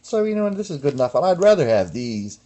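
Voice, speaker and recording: A man's voice: on the high side, very animated, fast, dark tone. A man showing guitar parts in a casual workshop vlog, rambling and slangy, tagging lines with "you know what I mean" and "man". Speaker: guitar builder.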